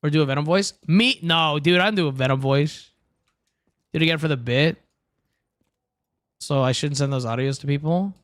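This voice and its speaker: A young man streams a game from his home room, joking crudely and saying "dude" a lot into a close headset mic. His voice is fairly high and fairly bright, at normal speed with long pauses. There is no room sound in this casual livestream chat.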